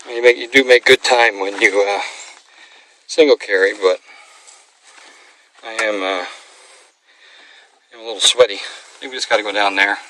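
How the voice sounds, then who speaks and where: A man talks casually to the camera from a lakeside campsite, his voice sitting at an ordinary middle pitch. The outdoor recording is noisy, with a dog barking around him. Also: pushed and bright. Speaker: vlogger on a backcountry canoe trip. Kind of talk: casual outdoor vlog narration.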